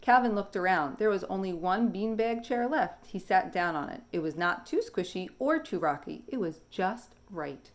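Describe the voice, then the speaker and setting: A woman teacher reading a picture book aloud in a slow, expressive storybook manner. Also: mid-range voice.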